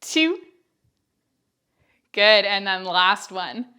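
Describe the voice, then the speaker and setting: A woman's voice: medium pitch, expressive, very slow, pushed and bright, clean tone. A woman instructing a follow-along Pilates workout, counting reps and giving upbeat cues with chatty asides while she is out of breath.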